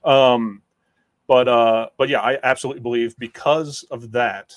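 A man's voice: mid-range voice, fairly even intonation, normal speed, dry recording. A man who writes about football, chatting on a sports podcast and reciting contract figures in an analytical way. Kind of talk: casual sports podcast chat.

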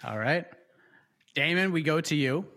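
A man's voice: fairly high pitch, lively intonation, measured pace, sharp tone. Playful man hosting a quiz panel. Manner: playful, quizmaster-like. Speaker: host. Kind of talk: game-style panel hosting.

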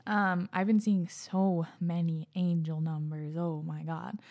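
A young woman hosting a podcast, out of breath, chatting in a bubbly, slangy way that often drops into soft near-whispers, and reading out listener letters. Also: on the low side, level tone, measured pace. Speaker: podcast host.

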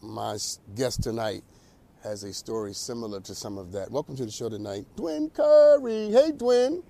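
A man hosting a talk show, delivering an animated, preacherly monologue. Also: fairly low pitch, fairly quick, vocal fry. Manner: animated, preacherly, laughs at own jokes. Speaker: host.

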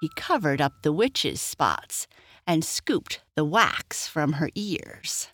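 A woman reading a rhyming children's story aloud, gentle and expressive. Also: low voice, slow pace, slight background noise.

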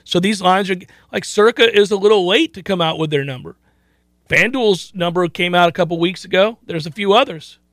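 A man hosting a sports betting radio talk show, emphatic and quick with asides. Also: sits high, fairly bright tone, dry recording, clean studio sound.

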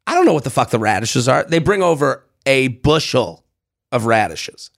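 A man, a comedian, telling an animated, profane story in casual podcast chat. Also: medium pitch, normal speed, vocal fry. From United States.

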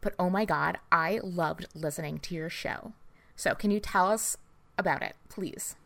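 A woman hosts a podcast interview in a bright, forceful voice. She talks in a chatty, emphatic way and laughs often. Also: fairly low pitch, measured pace, gravelly. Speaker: podcast host.

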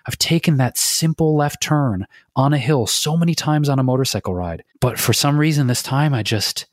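A man's voice: mid-range voice, dry recording, clean studio sound. A man from Michigan telling a personal story on a podcast, candid and emotional, swearing often. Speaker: podcast co-host. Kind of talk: casual podcast conversation.

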